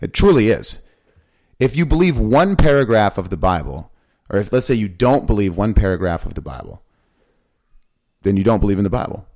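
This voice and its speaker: Man, podcast host, casual talk, insistent questioner, lowish pitch. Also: sing-song, brisk, a little mellow. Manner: insistent, pressing questions repeatedly.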